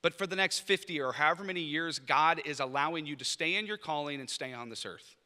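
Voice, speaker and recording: A professor leading a master's program gives an informal presentation at a lunch event in an indoor room with reverberant, hall-like sound. His voice is bright, a little high and fast, and he's conversational and humorous, acting out the people he quotes.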